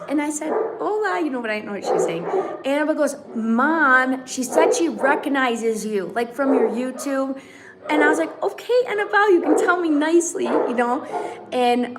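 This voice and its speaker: Lively woman telling a story on a livestream. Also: on the high side, heavy background noise. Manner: animated storyteller, acts out quoted dialogue. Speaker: channel host. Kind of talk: casual live-stream chat. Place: home in Mexico.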